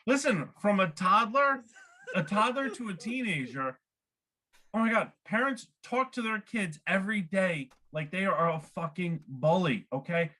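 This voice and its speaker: A male stand-up comic with a bright, forceful voice that climbs high and swings widely. He talks in an animated way and often breaks into laughter at his own jokes. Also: a little slow, a little hiss or hum. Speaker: stand-up comedian. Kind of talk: stand-up set at an online open mic.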